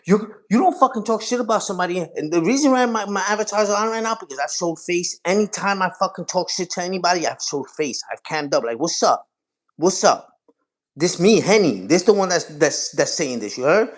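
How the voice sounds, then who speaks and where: A livestream host in his forties speaks in a high, animated voice at a brisk clip, barely pausing. He talks casually and profanely right to his chat, rambling from one point to the next.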